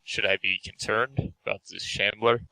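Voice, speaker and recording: A man's voice: fairly low pitch, fairly even intonation, normal speed, gravelly, sharp tone, dry recording, rough recording. A man playing a tabletop game, hesitant and asking questions. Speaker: player. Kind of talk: casual tabletop game chat.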